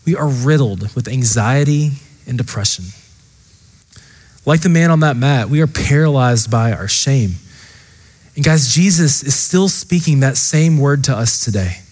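A man's voice: medium pitch, lively intonation, a little slow, a little mellow, long reverb tail. A man preaching a sermon as pastor, earnest and impassioned, speaking straight to the congregation. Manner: earnest, impassioned preaching with repeated direct address.

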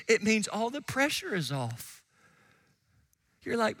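A man preaching a sermon as pastor, swinging from hushed asides to shouted emphasis and quickly acting out the voices of listeners. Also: high-pitched, huge pitch swings. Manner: acts out listeners and biblical figures in quick quoted asides.

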